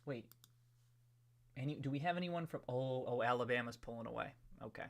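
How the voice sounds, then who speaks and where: A man hosting a live stream, chatting casually and greeting viewers from the chat one by one in a rambling, relaxed way. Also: mid-range voice, brisk, gravelly.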